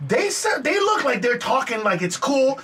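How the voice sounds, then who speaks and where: Husky bright-voiced comedian. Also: male voice, extremely high pitch, normal speed, distant mic. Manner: animated storyteller who acts out voices. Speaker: comedian guest. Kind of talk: casual interview chat.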